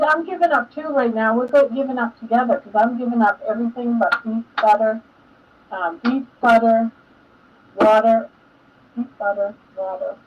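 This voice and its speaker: A woman's voice: on the high side, a little hiss or hum. An older woman hosting a live stream, chatting casually and emotionally and laughing often. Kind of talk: casual chat. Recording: dull lo-fi sound, distant from mic.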